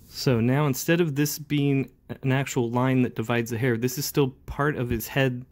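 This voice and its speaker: A man with a medium-pitched, darkish voice and fairly even intonation speaks at normal speed. He's an inker demonstrating comic inking step by step, chatting casually while working and filling gaps with frequent fillers in a relaxed ink-along.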